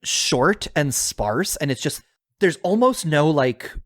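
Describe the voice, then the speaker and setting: A man's voice: a little high, big pitch swings, slow, fairly bright tone, no echo, studio quality. A man co-hosting a podcast in casual chat, chatty with lots of fillers and frequent laughs. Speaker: podcast co-host.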